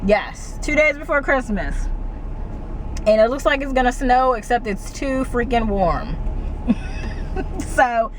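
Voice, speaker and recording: A woman's voice: on the high side, expressive, unhurried, a little hiss or hum. A woman talking casually to the camera in a vlog, chatty and rambling, often laughing as she goes. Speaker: vlogger.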